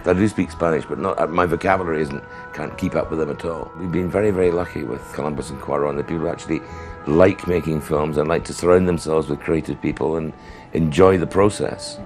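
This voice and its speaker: A man's voice: very deep voice, steady tone, fairly quick. A man answering interview questions with dry, wry humor. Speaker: actor interviewed. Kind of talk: interview chat. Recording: archive interview clip with faint music.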